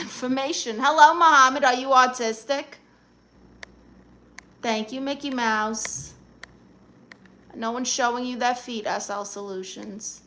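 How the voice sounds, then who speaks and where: A woman's voice: a little high, fairly bright tone, a little hiss or hum. A woman hosting a live stream, reading viewers' comments aloud and answering them in a sassy, blunt, teasing way.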